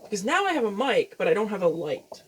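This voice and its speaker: A woman's voice: medium pitch, very animated, fast, noisy background. A young woman vlogging casually at home into a gaming headset mic, rambling, self-deprecating and swearing freely. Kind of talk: casual chat. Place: room at home. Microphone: video game headset mic.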